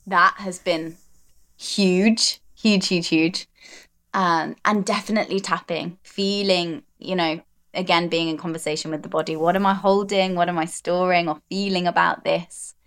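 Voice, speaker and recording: A woman coach appears as a podcast guest in a relaxed conversation, speaking reflectively and earnestly and often repeating words for emphasis. Her voice is fairly low-pitched and clean in tone, at a moderate pace.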